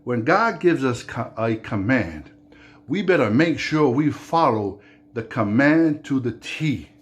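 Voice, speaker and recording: A male pastor giving a sermon and retelling a story from scripture in a lively way. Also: medium pitch, slow.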